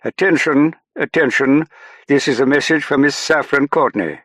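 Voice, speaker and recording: A man's voice: on the high side, moderate pace, fairly bright tone, slightly rough, no echo, studio quality, pitched above the performer's own voice. A man voicing a proper, impatient English aide with an English accent, speaking in a clipped, urgent way. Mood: announcing.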